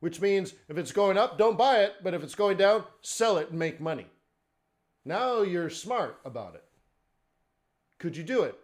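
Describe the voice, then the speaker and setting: A man's voice: high-pitched, animated, moderate pace, pauses often. A man teaching forex trading in a live webinar, talking conversationally and checking in with "okay?" and "right?". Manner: conversational, rhetorical questions, frequent "okay?" and "right?".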